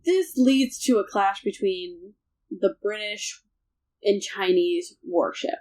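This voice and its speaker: A young woman hosting a casual history podcast, telling the story in an animated way and mocking the people in it with quoted voices. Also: medium pitch, slow, rough recording. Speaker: podcast host.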